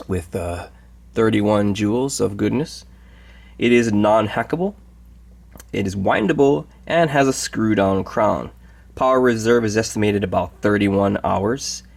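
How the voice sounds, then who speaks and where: Laid-back guy rambling through a watch review, lotsa uhs, kinda low gravelly voice. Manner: easygoing, halting with many fillers. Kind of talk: casual review vlog.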